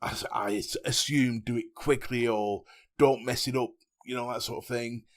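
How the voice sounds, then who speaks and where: A man's voice: mid-range voice, fairly even intonation, normal speed. A man co-hosting a casual gaming podcast, jokey and laughing often. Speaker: podcast co-host.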